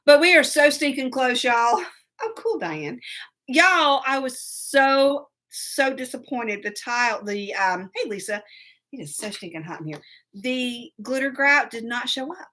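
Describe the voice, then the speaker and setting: A woman hosts a live stream in a relaxed, rambling way. She laughs easily and breaks off to greet viewers by name. Her voice is bright and crisp, with a fairly high pitch that swings widely. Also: normal speed. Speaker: live show host. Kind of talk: casual live-stream chat.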